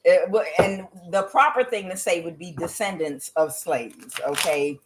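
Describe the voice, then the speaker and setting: A woman's voice: on the low side, a little slow, noisy background. A woman hosting a tarot channel, talking in a blunt, profane, casual monologue full of fillers and laughs.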